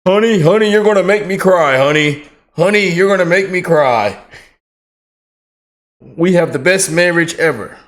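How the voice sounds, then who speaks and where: A man's voice: sits high, normal speed, pauses often, pitched above the performer's own voice, close to an everyday voice. A man doing a mocking, exaggerated impression of a gushing sentimental spouse.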